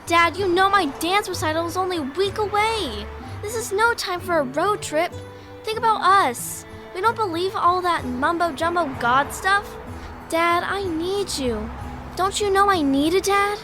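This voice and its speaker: A shrill pleading daughter. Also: female voice, expressive, unhurried, music in the background. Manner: pleading, clingy. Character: pleading young daughter car, needy.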